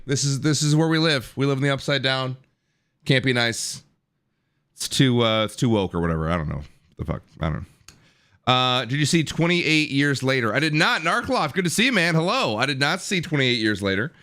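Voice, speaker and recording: A man in his thirties hosts a live stream in a relaxed, jokey way, reading comments from chat and thanking subscribers. His mid-range voice comes across smooth, with a fairly bright tone.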